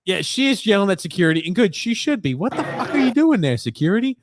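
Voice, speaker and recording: A man's voice: sits high, quick pace, noisy background. A man co-hosting a casual podcast, reacting to a fight video, swearing and acting out quotes. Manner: animated, swears, acts out quotes. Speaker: podcast co-host.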